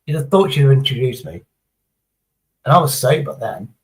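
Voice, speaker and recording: A man's voice: medium pitch, big pitch swings, moderate pace, rough recording. A middle-aged man, chatting casually on a livestream in a rambling, sweary, sarcastic way. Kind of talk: casual chat.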